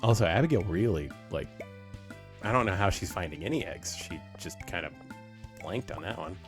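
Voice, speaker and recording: A man casually commenting as he streams a farming game, chatty with lots of fillers, often dropping into soft baby talk to his dog. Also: low-pitched, expressive, moderate pace, over music.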